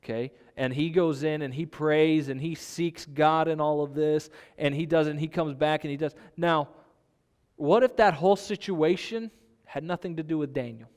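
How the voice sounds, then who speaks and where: Man, pastor, sermon, somewhat high voice, conversational preaching, long hall reverb. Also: normal speed, darkish tone, smooth. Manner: conversational preaching with rhetorical questions.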